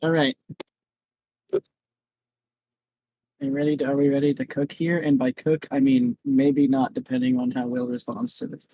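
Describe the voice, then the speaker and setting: A man playing a tabletop role-playing game, talking animatedly in quick bursts. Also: medium pitch, vocal fry, dark tone, no echo, poor audio. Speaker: player.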